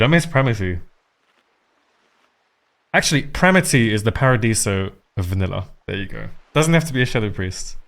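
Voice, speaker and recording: A man streaming a game live, chatting casually and rambling, with frequent swearing. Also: mid-range voice.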